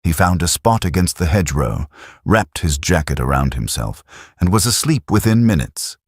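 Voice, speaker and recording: A man narrating a war story in a steady, measured, scripted style. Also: low-pitched, husky, no echo, studio quality.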